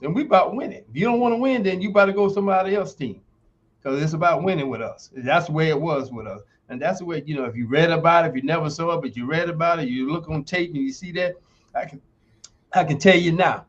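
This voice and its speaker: An older man in his sixties tells stories as a podcast guest in a slightly high voice. He speaks emphatically and acts out the quoted lines of other people. The sound is dull and lo-fi, like a streamed call. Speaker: former football player and university sports instructor.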